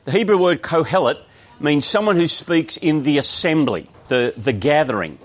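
A man's voice: a little high, lively intonation, normal speed. A man with an Australian accent preaching a sermon, explaining a text in a conversational way with frequent restarts.

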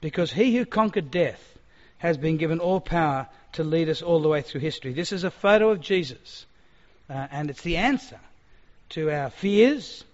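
A man preaching a sermon, animated and acting out quoted speech, in a church hall. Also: on the high side, normal speed. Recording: long-reverb hall, dull sound.

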